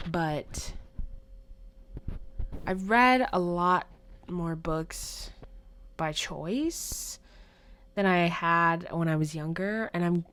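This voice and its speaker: A young woman talks through her podcast in a relaxed, chatty way. Her voice sits slightly lower than most, and she brings old moments to life with animated quoted lines. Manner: chatty, animated retelling with playful acted-out quotes. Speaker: podcast host. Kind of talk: casual solo podcast storytelling.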